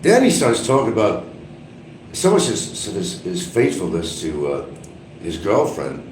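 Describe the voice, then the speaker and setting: A man's voice: sits low, huge pitch swings, a little slow. A man live-streaming casual, rambling, gossipy commentary from a small bathroom with an exhaust fan running. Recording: echoey bathroom, faint fan hum.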